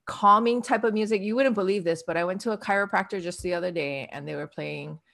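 A woman's voice: mid-range voice, fast talker, gravelly, a bit bright. A woman podcast host from Southern California in giggly casual chat. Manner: giggly, chatty.

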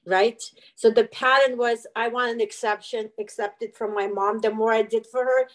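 A middle-aged woman with a high-pitched voice speaks as an interview guest. She tells a personal story in an earnest, emotional way and acts out what each person said with real animation. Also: fairly even intonation, normal speed, low-quality recording.

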